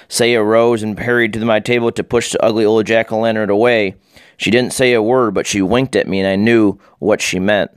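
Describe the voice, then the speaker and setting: Man, audiobook narrator, expressive storybook narration, low voice, dry close sound. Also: normal speed, clear, resonant tone, no room sound. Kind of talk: first-person storybook narration.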